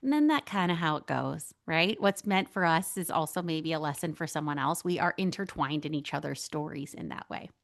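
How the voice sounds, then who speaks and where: A woman's voice: sits low, a little fast, vocal fry, hardly any pauses. A woman hosting a podcast, talking earnestly in a casual reflective monologue full of fillers. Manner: earnest, casual, filler-heavy with many likes. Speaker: podcast host.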